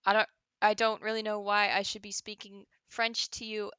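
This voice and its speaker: A woman's voice: medium pitch, little pitch movement, normal speed, bright, forceful tone, smooth, dry recording. A woman streaming a game, chatting casually and giggling as she answers chat.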